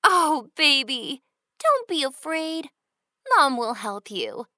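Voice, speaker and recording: A woman doing a doting mother bunny from a children's storybook, with a high, bright voice that swoops up and down in a sing-song way. She speaks very slowly and soothingly, coaxing her little one along, and her voice sounds close and dry. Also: sing-song, no echo, full character voice. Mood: cheerful coaxing.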